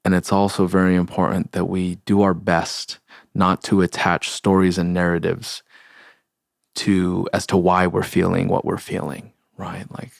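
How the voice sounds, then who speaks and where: Young male podcast host, slow searching delivery, dry close sound. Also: deep voice, completely flat delivery, vocal fry, dry recording. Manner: slow, halting, searching for words with many fillers; sincere, open about grief. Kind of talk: reflective solo podcast talk.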